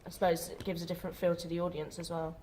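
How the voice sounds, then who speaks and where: A woman's voice: fairly low pitch, flat delivery, very fast, mellow, slight background noise. A woman drama student talking casually in a group discussion, chatty and full of fillers.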